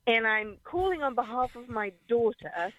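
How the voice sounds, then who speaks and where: A woman's voice: fairly high pitch, expressive, moderate pace, fairly bright tone. An older woman from London with an English accent, calling in to a radio show, chatty and laughing often, trailing off mid-sentence. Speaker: caller. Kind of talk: radio call-in chat. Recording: tinny phone line.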